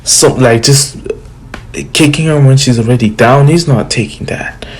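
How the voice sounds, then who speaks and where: Slow, rambling young man telling a story. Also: mid-range voice, a little hiss or hum, poor audio. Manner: rambling, full of fillers and restarts. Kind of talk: casual fan-story retelling.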